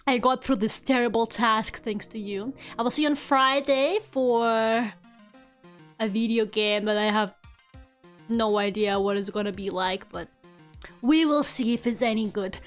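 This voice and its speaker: With a slightly high voice and an unhurried pace, a young VTuber chats casually during her livestream. She giggles, swears now and then, and has faint game music playing underneath.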